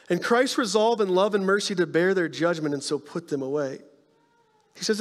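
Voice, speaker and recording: A male pastor preaching a sermon, telling stories with animated energy and dropping to hushed tones to make his point. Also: a little high, in a large hall. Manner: animated storytelling, drops to soft hushed tones for emphasis.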